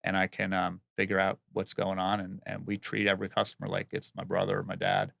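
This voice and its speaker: A man with a heavily gravelly, somewhat low voice speaks earnestly about his home building work. He talks plainly in casual interview answers and often restarts his words. The sound is dry and close. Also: completely flat delivery, a little fast, fairly bright tone, no room sound.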